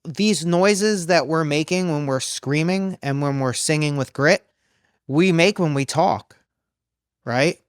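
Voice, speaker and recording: A man who coaches singers, explaining in a loose, halting way during a casual podcast interview. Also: a little high, clean tone, no echo, studio quality. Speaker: vocal coach. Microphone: studio microphone.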